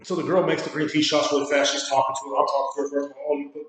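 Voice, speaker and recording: A man's voice: mid-range voice, flat delivery, quick pace, fairly bright tone. A man hosting a podcast, telling a rambling, profane story and acting out the people in it. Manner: profane, rambling anecdote with acted quotes. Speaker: podcast host. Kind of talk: casual storytelling. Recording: very echoey room.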